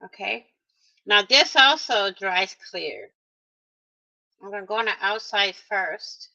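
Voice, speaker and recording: A woman's voice: medium pitch, animated, takes it slowly, gravelly, bright, forceful tone. A woman narrating a casual crafting tutorial, chatty and talking straight to her viewers with playful little exclamations, in a dull lo-fi recording. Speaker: craft vlogger.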